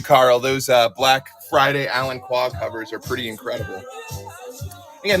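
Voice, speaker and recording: A man's voice: fairly high pitch, rough recording. A man hosting a live comic giveaway stream, chatty and upbeat. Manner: upbeat, chatty, joking banter. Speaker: livestream host. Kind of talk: casual livestream chat.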